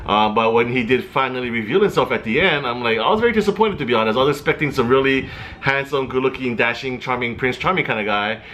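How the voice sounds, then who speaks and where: A man's voice: mid-range voice, animated, fast talker, bright, forceful tone, slight background noise. A man giving a casual movie review, chatty and a little hesitant, with fillers and restarts.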